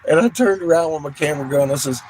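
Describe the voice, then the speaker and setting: A man's voice: on the high side, quick pace, slight background noise, rough recording. A man vlogger casually telling a story, swearing freely and laughing often as he acts out what others said. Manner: profane, laughs often, animated retelling.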